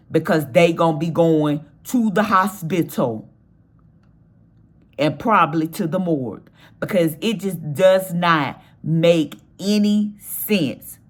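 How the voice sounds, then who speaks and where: A woman, talking casually to her vlog audience and venting emphatically, repeating herself. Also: medium pitch. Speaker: vlogger. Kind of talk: casual vlog talk to camera. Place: parked in her truck.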